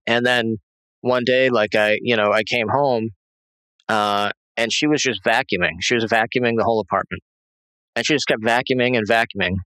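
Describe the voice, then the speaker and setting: A man giving a halting, rambling personal testimony as an interview guest, full of fillers and restarts. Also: mid-range voice, fairly even intonation, bright, forceful tone, clear, resonant tone, dry recording, poor audio.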